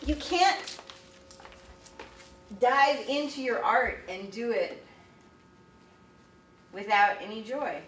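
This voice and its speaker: A woman teaching artist talking casually and exuberantly about her career, with lots of animated exclamations. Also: a little high, takes it slowly, long pauses, slight background noise. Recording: echoey room from a distance.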